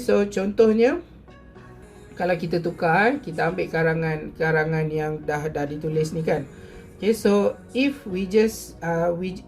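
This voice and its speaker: A teacher with a Malaysian English accent, explaining a grammar point slowly, saying "okay" often and mixing in Malay. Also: male voice, sits high, gravelly, darkish tone. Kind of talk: recorded classroom lesson.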